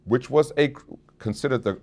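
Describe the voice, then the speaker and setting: A man preaching a sermon, reading scripture and explaining it to his congregation, rising in pitch and force when quoting and dropping low for asides. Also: moderate pace, darkish tone. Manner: conversational preaching with restarts and direct appeals. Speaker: pastor.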